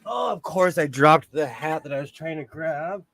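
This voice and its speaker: A man's voice: fairly high pitch, moderate pace, creaky, fairly bright tone. A man chatting casually on his sewing livestream from his home sewing room, rambling and laughing often. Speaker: livestream host.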